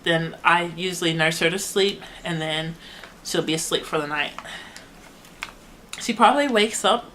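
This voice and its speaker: A woman's voice: on the low side, moderate pace, long pauses, sharp tone, slight background noise, low-quality recording. A young woman talking casually to camera as a mother giving a baby update, rambling with lots of "like" and frequent laughs. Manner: chatty, rambling, heavy use of "like", laughs often.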